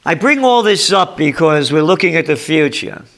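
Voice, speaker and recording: Speaking at normal speed in a sing-song way, this older New Yorker with a thick accent delivers a sarcastic, emphatic rant as a trend forecaster. His voice is a bit high, bright, and forceful, driving each point home.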